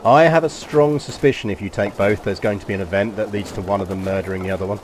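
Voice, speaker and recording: A man with a softened London accent and a slight New York touch, chatting casually and swearing at the game as he thinks aloud while streaming. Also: fairly low pitch, quick pace, slight background noise.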